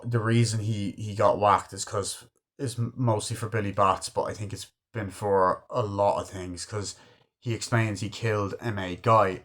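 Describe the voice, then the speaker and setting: A man giving a casual, excitable movie review, swearing a lot and acting out scenes he loves. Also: lowish voice. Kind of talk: casual film review monologue.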